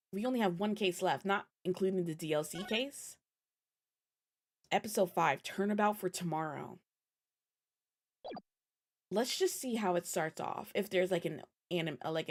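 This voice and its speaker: A young woman streamer giving casual, slangy, joking commentary while playing a game. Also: fairly low pitch. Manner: slangy, joking, quick reactions. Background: game music.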